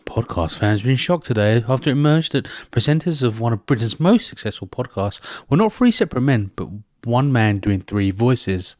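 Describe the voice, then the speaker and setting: A man playing a dignified male TV newsreader who reads in a measured way while trying to keep his composure. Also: mid-range voice, sing-song, darkish tone, dry recording, clean studio sound, natural voice. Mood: composed. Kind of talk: comic role-play reading.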